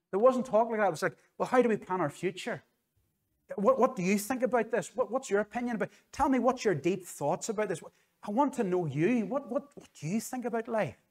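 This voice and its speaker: Male preacher, Northern Irish accent, middle-aged, earnest and conversational, fairly high voice. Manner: earnest, conversational, repeats phrases for emphasis. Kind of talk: sermon with altar call. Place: church.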